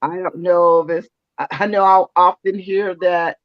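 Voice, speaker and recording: A woman's voice: on the low side, fairly even intonation, moderate pace, no room sound. A woman co-hosting a podcast in casual chat, talking hesitantly with many fillers. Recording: dry, dull lo-fi sound.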